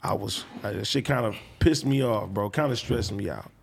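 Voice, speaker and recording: A man in his thirties telling a profane, animated story about his daughter in casual chat, laughing as he goes. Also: on the low side, normal speed, creaky, slight background noise.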